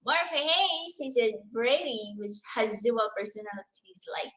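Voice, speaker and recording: A woman's voice: on the high side, lively intonation, moderate pace, fairly bright tone. A woman co-hosting a casual live stream and reading viewer comments aloud. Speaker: co-host reading chat.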